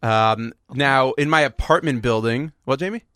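A man's voice: medium pitch, normal speed, pushed and bright, dry recording, studio quality. Rambling casual male podcast host. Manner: rambling, self-deprecating, full of restarts. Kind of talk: casual chat.

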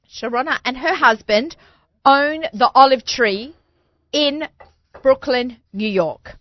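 Brief: higher-voiced Australian woman radio host, bubbly and chatty, dry lo-fi studio sound. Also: slow pace, dry recording. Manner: bubbly, laughs often, chatty. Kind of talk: casual radio interview.

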